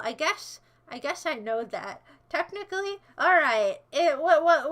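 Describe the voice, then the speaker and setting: A woman's voice: high voice, sharp tone. A woman livestreaming in a casual chat, answering her viewers in a playful, goofy way that jumps between silly voices and asides.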